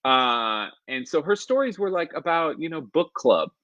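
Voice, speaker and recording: A man's voice: on the high side, very animated, normal speed, a bit bright, no echo, muffled recording. A man in his thirties telling personal stories in a casual, self-deprecating way on a live stream from his home kitchen. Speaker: storyteller. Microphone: phone or webcam on a live stream.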